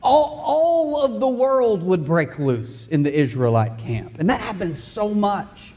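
A man's voice: sits high, very animated, measured pace, warm tone. A man preaching a sermon in a church, loose and conversational, cracking jokes and speaking straight to the congregation. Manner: joking, conversational, addresses the congregation directly. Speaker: pastor.

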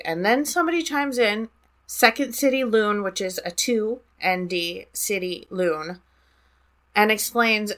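A woman's voice: mid-range voice, a bit bright. A woman hosting a casual podcast over a video call, teasingly reading out listener messages. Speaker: podcast host. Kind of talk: casual chat.

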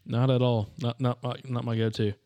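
A man's voice: medium pitch, flat delivery, a little fast, warm tone. A young man hosting a podcast, telling a hunting story in loose, rambling casual chat full of "dude" and "like.". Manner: rambling, says "dude" and "like" constantly.

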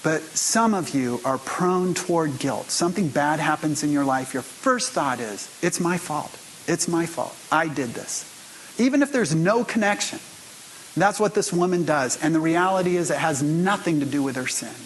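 A man's voice: fairly high pitch, expressive, normal speed, slight background noise, poor audio. A man pastor giving a sermon in a conversational storytelling way, speaking straight to his congregation.

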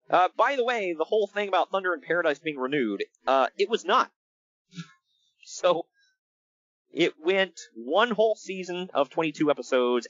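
A man co-hosting a casual podcast, talking in an animated, exasperated way and laughing often. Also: medium pitch, no room sound, dull audio. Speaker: podcast co-host. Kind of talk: casual wrestling podcast chat.

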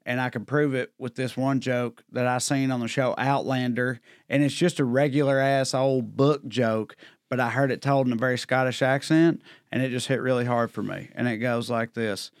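A man's voice: mid-range voice, fairly even intonation, moderate pace, smooth, no echo. Man, podcast co-host, drawling, joking, dry close sound. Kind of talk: casual comedic chat.

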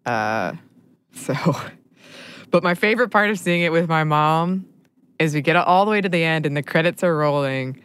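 A woman's voice: low-pitched, animated, normal speed, fairly bright tone, clear, resonant tone. A woman co-hosting a podcast, chatting casually and laughing often. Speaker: podcast co-host.

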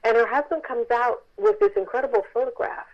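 Animated woman storyteller on a phone line. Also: on the high side, brisk. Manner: animated storyteller acting out quoted voices. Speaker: author and interview guest.

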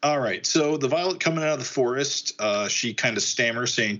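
A man's voice: medium pitch, a bit bright, muffled recording. A man co-hosting a casual chat, reading comic dialogue aloud and commenting on it. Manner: reads character lines in a slightly raised, halting voice.

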